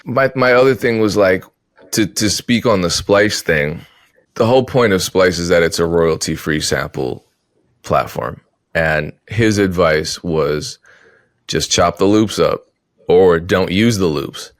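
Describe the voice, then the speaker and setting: A deep-voiced man talks through his argument in a casual podcast style, often stopping to rephrase himself. His voice sits very low and the recording is dry and close. He picks up energy whenever he lands a point. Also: measured pace, no room sound. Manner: thoughtful, self-correcting, animated when making points. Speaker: podcast host, music producer. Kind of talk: casual opinion talk.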